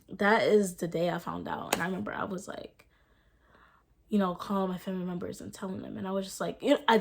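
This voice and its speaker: Young woman telling an emotional story. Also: on the low side. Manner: casual and emotional, often addressing viewers as "y'all"; fast, filler-heavy speech with rising and falling intensity. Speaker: vlogger and mother. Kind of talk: personal storytelling vlog.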